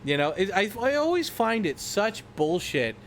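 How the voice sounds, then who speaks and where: A man's voice: sits high, very animated, moderate pace, fairly bright tone, a little hiss or hum. A young man from the United States vlogging in a rambling, profane, irreverent way, full of fillers. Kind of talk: casual rambling commentary.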